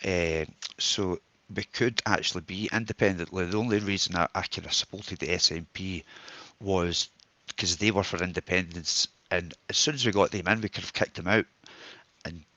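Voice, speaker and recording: Audience caller, broad Scottish man, low pitch, dry sound, friendly and hesitant. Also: moderate pace, pushed and bright, no room sound. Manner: hesitant, friendly, laughs self-consciously. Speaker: audience member asking a question. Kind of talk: live audio-room discussion.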